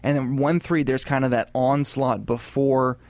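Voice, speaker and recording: A man co-hosting a casual gaming podcast, talking in a chatty, rambling way with animated asides. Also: mid-range voice, a little slow, no room sound. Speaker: podcast co-host.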